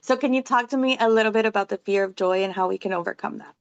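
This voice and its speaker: A woman's voice: mid-range voice, quick pace, smooth, lo-fi sound. A woman hosting a podcast interview, affirming her guest and asking long, reflective questions in a casual way. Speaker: podcast host and author. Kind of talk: conversational interview.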